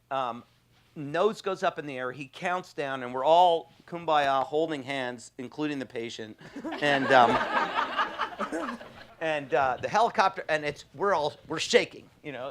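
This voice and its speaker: A man's voice: a little high, background noise. A man, telling a story casually with many fillers and laughs. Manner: animated anecdote with frequent fillers and laughs. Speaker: trauma surgeon guest.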